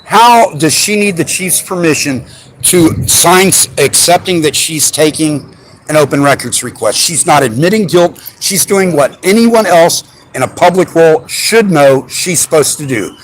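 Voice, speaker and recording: A man speaks in a slightly high voice, frustrated and argumentative as he presses his case. He is recorded on a phone live stream with faint ambient noise behind him. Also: expressive, measured pace, rough recording. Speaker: citizen auditor filing a complaint. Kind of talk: heated live-streamed complaint to an officer.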